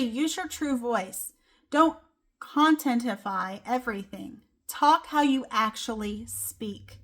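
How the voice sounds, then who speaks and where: Chatty woman podcast host, fairly high. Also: sharp tone. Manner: casual with many fillers like "like" and "you know". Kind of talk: solo motivational podcast talk.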